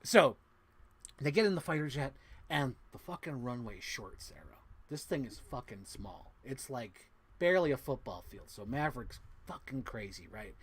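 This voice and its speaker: A man hosting a podcast, excitedly retelling a movie plot to his co-host, swearing often and humming sound effects. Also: medium pitch, moderate pace, slightly rough. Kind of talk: animated movie recap to a co-host.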